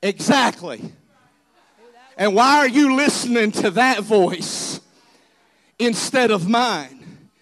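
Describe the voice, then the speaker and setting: A man's voice: very high-pitched, fairly bright tone. A man pastor giving an earnest, dramatic sermon testimony. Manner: earnest, dramatic storytelling preacher.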